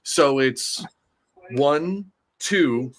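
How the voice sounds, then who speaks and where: A man co-hosting a live wrestling watchalong podcast, analyzing the match with halting restarts. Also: medium pitch. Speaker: podcast co-host.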